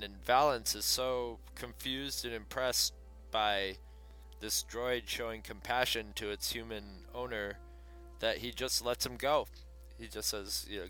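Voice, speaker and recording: A man's voice: fairly low pitch, steady tone, unhurried, bright, forceful tone, soft background music. A man in casual chat, rambling through a comic plot with many fillers and asides.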